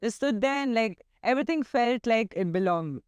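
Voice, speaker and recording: A woman's voice: a little high, moderate pace, clear, resonant tone, no room sound. Chatty woman chef. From India. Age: 30s. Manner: relaxed, chatty, with frequent fillers and restarts. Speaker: guest chef. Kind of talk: casual interview chat.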